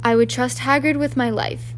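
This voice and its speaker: A woman reading an audiobook, voicing a wise old male wizard in a calm, firm, quiet manner. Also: high-pitched, moderate pace, slight background noise, lightly acted. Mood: grave.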